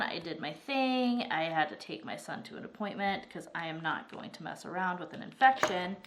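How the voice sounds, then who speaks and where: A woman's voice: on the high side, a bit bright, a little hiss or hum. A woman in her thirties, recovering from strep throat and breathing a little heavily, chatting and rambling casually while she works on a craft at her table. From Arizona, US. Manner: chatty, rambling, says "like" often. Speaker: vlogger.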